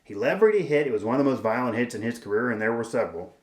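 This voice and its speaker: A man's voice: medium pitch, expressive, very fast. Emphatic male sports host, echoey room. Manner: emphatic, rambling, frequent restarts. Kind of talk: opinionated sports commentary.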